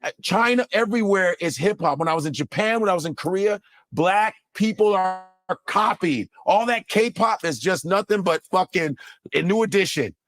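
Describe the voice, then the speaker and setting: A man in a loose, profane podcast chat. His voice sits high and swings widely as he riffs, laughs and slips into impressions. The sound is dry and close, with no room around it. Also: animated, normal speed, fairly bright tone, dry recording. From raised in the US.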